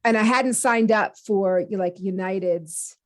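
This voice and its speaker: A woman on a podcast telling a personal story in a lively, casual way, acting out her own thoughts with quick asides and easy laughs. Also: mid-range voice. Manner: many fillers and restarts, laughs easily. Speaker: podcast guest.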